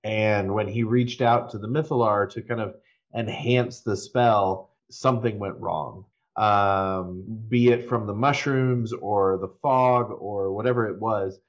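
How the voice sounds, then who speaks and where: Guy game mastering a tabletop session, lowish voice, kinda muffled recording, loose and rambling. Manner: relaxed, many ums and restarts.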